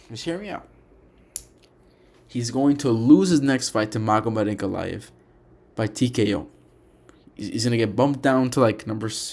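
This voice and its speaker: A young man talking casually about fighters, animated and repetitive, often restarting his sentences and saying "bro" and "dude". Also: medium pitch. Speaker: MMA commentator. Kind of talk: casual opinion monologue.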